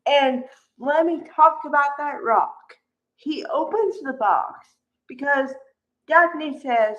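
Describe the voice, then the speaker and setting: A woman's voice: sits high, slow pace, a bit bright, low-quality recording. A woman chatting casually as a soap opera commentator, frank and chatty, laughing often and calling people honey.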